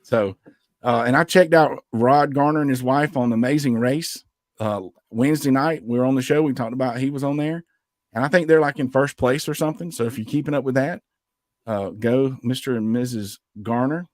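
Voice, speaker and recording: A man co-hosting a sports podcast in an easygoing, chatty way, keeping the rundown moving. His voice sits in an ordinary middle pitch. The sound is dry and close, with little room around it. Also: normal speed, dry recording. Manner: upbeat, chatty, wraps up with show announcements. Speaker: podcast co-host. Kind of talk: casual sports chat.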